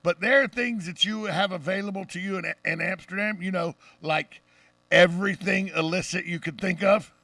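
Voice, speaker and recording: A middle-aged Southern man hosts a talk radio show, bantering and telling jokes. His voice is bright and gravelly. The sound is dry, and he sits a bit back from the mic. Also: high-pitched, dry recording, distant mic. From Deep South of the US. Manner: brash, joking, fast-talking storyteller.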